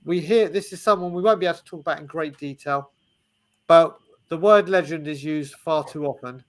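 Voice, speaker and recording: A man's voice: a little high, fairly quick. A man co-hosting a casual chat, cheerful and self-mocking. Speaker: co-host.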